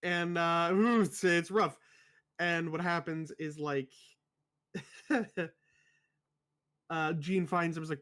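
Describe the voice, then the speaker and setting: A man chatting casually on a podcast about a film, his voice sitting a little high for a man. He swears freely and laughs often as he talks, loose and unpolished in his delivery. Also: steady tone, slow, long pauses, a bit bright, clean tone. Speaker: podcast co-host.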